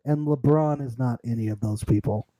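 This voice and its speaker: A man's voice: medium pitch, normal speed, warm tone, no echo, rough recording. A young man co-hosting a casual comedy podcast, teasing his partner, telling stories and laughing often. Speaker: podcast co-host.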